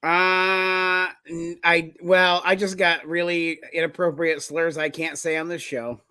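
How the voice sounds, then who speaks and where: High, bright-voiced man cracking jokes. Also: level tone, slow pace, clear, resonant tone, no echo. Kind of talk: casual chat.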